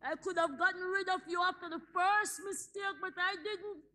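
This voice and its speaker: A woman's voice: very high-pitched, fairly even intonation, a little slow, bright, forceful tone, exaggerated voice. A woman playing a scorned, indignant old wife, scolding melodramatically. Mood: melodramatic. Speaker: comic stage actress. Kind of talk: stage comedy play.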